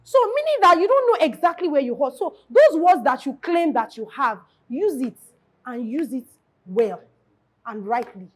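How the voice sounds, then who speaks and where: A woman's voice: high voice, sing-song, moderate pace. A woman guest in a panel discussion, explaining and giving advice.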